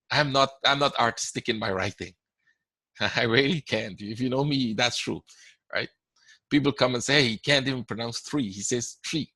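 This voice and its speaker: A man's voice: mid-range voice, pushed and bright, husky, no room sound. A man with a Guyanese accent, hosting a trading webinar in a conversational way, often checking in with "right?" as he answers questions. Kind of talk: live webinar Q&A talk.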